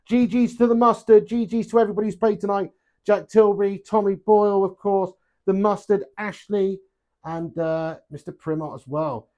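A young man chatting casually on a live stream, rambling, swearing freely and getting animated. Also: sits high, normal speed, dull audio.

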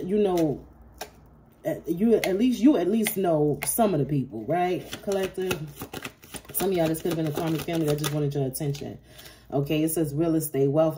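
A woman giving a casual tarot reading to her viewers, blunt, profane and often laughing. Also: fairly low pitch. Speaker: tarot reader. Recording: noisy with card shuffling clicks.

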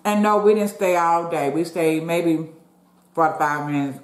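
Lady eating on camera n chatting w viewers, kinda low voice, mouth full sometimes. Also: a little slow, roomy sound. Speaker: mukbang vlogger. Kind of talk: casual chat while eating.

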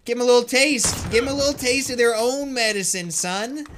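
A young man streaming a shooter game, trash-talking opponents and cheering his own plays with brash, excited commentary. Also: very high-pitched, a little fast. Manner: brash trash talk with excited yelps and laughs. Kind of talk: live gameplay commentary. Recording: noisy game audio behind voice. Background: gunfire from the game.

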